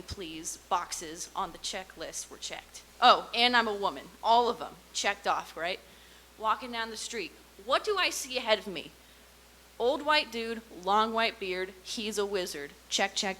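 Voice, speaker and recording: Young female stand-up comic, sarcastic storyteller with a bright, slightly high voice, faint hiss on the tape. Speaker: stand-up comedian. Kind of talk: stand-up comedy set.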